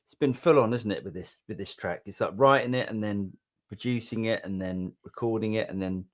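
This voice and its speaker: A man's voice: lowish voice, brisk. A British man co-hosting a live chat show, chatty and rambling, with restarts. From Britain. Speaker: co-host. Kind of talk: casual live-stream chat.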